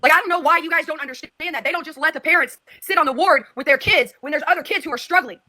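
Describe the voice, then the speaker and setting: Fast bright-voiced woman arguing heatedly. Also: high-pitched, no room sound. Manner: defensive, insistent, repeats herself. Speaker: livestream guest. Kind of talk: heated livestream argument.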